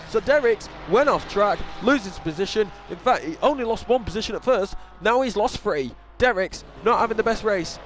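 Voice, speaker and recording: Young northern english guy calling a sim race, high voice, chatty and rambling, faint noise behind. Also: normal speed, few pauses, fairly bright tone. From northern England. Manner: casual, rambling, self-deprecating asides. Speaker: race commentator. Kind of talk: sim racing commentary.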